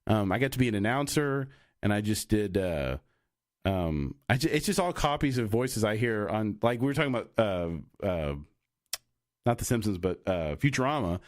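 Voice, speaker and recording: A man's voice: lowish voice, expressive, moderate pace, no echo, clean studio sound. Rambling young man in casual chat. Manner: rambling, many fillers and restarts. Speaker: podcast co-host.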